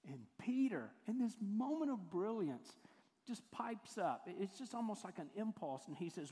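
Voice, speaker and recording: A man's voice: sits high, sing-song, normal speed, dark tone. A male pastor, giving a conversational sermon full of acted-out quotes. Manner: conversational storytelling, acts out quoted voices. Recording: hall reverb.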